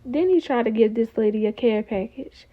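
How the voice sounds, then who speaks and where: Chatty lady recapping a show, kinda high voice, tinny phone-quality audio. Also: moderate pace. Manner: chatty, opinionated, talks to viewers as y'all. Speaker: TV recap reviewer. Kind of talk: casual episode recap.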